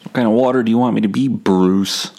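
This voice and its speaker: A man hosting a solo comedy podcast, rambling in a deadpan, profane, self-mocking way. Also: fairly low pitch, a little fast.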